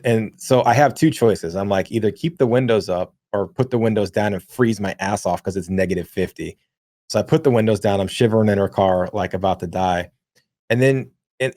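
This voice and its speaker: A man's voice: fairly low pitch, a little mellow, no room sound, clean studio sound. A man in his thirties co-hosting a podcast, telling a long story casually with lots of swearing and filler words. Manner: rambling, profane, many fillers. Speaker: podcast co-host.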